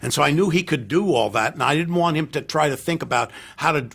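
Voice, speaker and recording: Gravelly older man telling stories. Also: on the high side, fast. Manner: animated anecdotes with quoted voices, frequent fillers and restarts. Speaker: podcast guest, film director. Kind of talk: casual storytelling interview.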